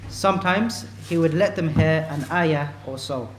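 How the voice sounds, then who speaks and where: A man's voice: on the high side, unhurried, roomy sound, noisy background. A man reading aloud as a student in a class, a little hesitant. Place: mosque classroom.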